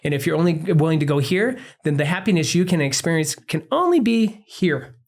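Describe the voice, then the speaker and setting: A man's voice: a little high, very animated, brisk, a little mellow. A man co-hosting a podcast as a doctor, talking earnestly in a casual interview and explaining through analogies. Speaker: podcast co-host, functional medicine doctor.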